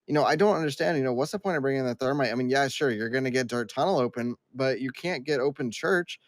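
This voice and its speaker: A man's voice: mid-range voice, dry recording. Man casting an esports match live. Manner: talkative, quick asides, apologetic host patter. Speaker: esports caster. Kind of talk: live play-by-play commentary.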